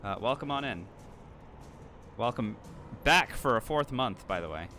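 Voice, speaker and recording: Bright-voiced streamer man chatting. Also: mid-range voice, animated, unhurried, faint music behind. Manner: chatty, thanks viewers, frequent fillers and restarts. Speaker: streamer playing a challenge run. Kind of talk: live gameplay commentary.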